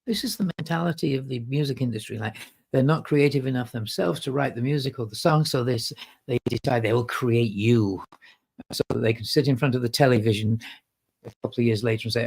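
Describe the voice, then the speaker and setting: A man, a guest musician, telling animated anecdotes in a casual podcast chat. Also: medium pitch, fairly quick, gravelly, slightly rough. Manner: animated storyteller, acts out quotes. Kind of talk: anecdotal storytelling.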